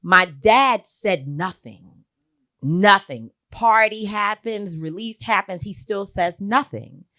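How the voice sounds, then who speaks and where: A middle-aged woman speaking as an interview guest. She tells personal stories frankly and earnestly, with a slightly low voice. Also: takes it slowly, pushed and bright. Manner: earnest, frank, with frequent filler words. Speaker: guest, activist and author. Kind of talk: candid personal storytelling.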